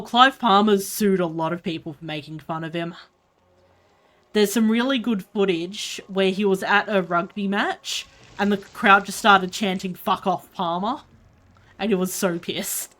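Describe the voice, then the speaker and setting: A woman's voice: mid-range voice, fairly bright tone. A woman from Australia with an Australian accent, chatting bluntly and swearing freely while she streams a game. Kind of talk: casual chat while gaming.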